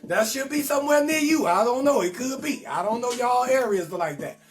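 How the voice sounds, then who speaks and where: High-voiced New man, brash and rambling. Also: expressive, moderate pace, distant mic, soft background music. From New Orleans. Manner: brash, rambling, slips into sing-song. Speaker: comedian host of a live call-in show. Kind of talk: live-streamed comedy talk show.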